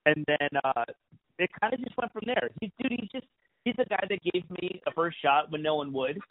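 A man's voice: fairly high pitch, fairly quick. A comedian telling a long story in a casual chat, swearing freely and acting out the lines of the people he quotes. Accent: New York. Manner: profane, animated storytelling with acted-out quotes. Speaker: comedian guest. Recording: phone-like lo-fi audio.

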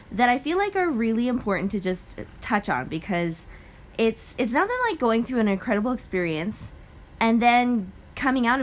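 Here is a young woman co-hosting a podcast and chatting casually. Her pitch is middling, and her voice rises and falls a lot as she tells stories in an animated, laughing way. There is a faint hum of room noise behind her. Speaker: podcast co-host. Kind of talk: casual chat.

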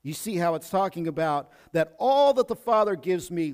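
A male pastor preaching a sermon with lots of energy, dropping to a hush and then rising loud, often repeating himself. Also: high-pitched, lively intonation, normal speed, clear, resonant tone. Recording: long church reverb.

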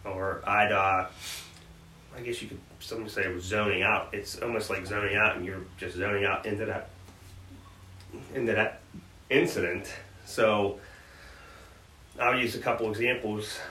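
A man's voice: on the low side, steady tone, moderate pace, long pauses, pushed and bright. A man in conversation on a podcast, earnestly recounting hard memories with frequent restarts. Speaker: podcast co-host. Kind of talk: personal storytelling in conversation. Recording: roomy sound from a distant mic with faint background noise.

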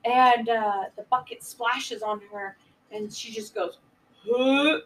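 A woman with a high voice rambles through a movie's plot in loose, profane podcast chat. She sits a little far from the microphone, so her voice sounds slightly distant. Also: steady tone, slow. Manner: rambling, swears freely, acts out quotes. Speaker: podcast co-host. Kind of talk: casual chat recapping a movie.

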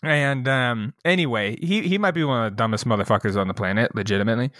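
A man's voice: medium pitch, fast talker, a bit bright, no echo, clean studio sound. A young man co-hosting a casual podcast, riffing on jokes and swearing freely. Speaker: podcast co-host.

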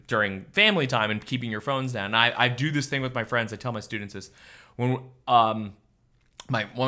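A man, a teacher and podcast guest, chatting casually and telling animated stories, acting out quoted voices and swearing freely. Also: mid-range voice. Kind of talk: casual chat.

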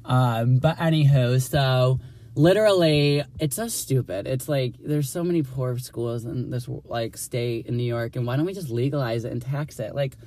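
A young man tells a personal story in a chatty, profane, sassy way, dramatizing it and filling it with constant "like"s. His voice is mid-range and a little mellow.

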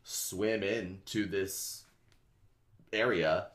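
A man with a low-pitched voice recaps a story in loose, rambling fashion, leaning on "like" constantly. He drops casual swears and slips into quick impressions of the characters as he goes. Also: steady tone, fairly bright tone. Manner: rambling, heavy use of "like", swears casually, acts out characters' lines. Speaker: podcast host recapping a book.

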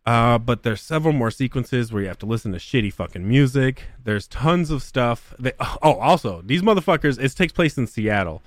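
A man's voice: mid-range voice, lively intonation, normal speed, few pauses, no echo. Profane ranting man, dry close sound. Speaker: podcast host. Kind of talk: crude casual podcast chat.

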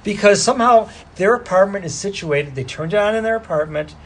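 A man's voice: high voice, lively intonation, fairly quick, a little hiss or hum. A man co-hosting a casual podcast who explains things in a rambling way, with loose asides and restarts. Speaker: podcast co-host. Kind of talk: casual chat.

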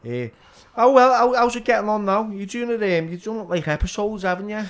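A man's voice: high-pitched, expressive, brisk. A man, hosting a podcast and putting chatty, probing questions to his guests. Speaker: podcast host. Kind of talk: casual podcast chat.

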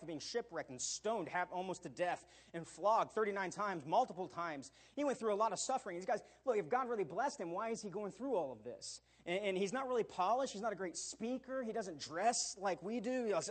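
High-voiced husky man preaching. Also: brisk, hardly any pauses. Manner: animated preaching with repeated "all right?" asides and acted quotes. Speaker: pastor. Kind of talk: sermon.

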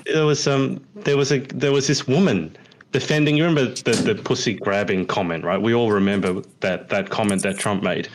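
Animated man chatting, low voice. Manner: animated storyteller, rising pitch when acting out quotes. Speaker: podcast host. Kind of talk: casual chat, reading viewer comments.

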